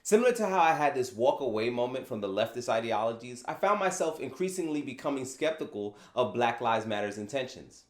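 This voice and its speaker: Animated man talking in an echoey room. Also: mid-range voice, a little fast, few pauses. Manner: animated, rhetorical questions, sarcastic asides. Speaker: channel host. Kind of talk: opinion commentary vlog.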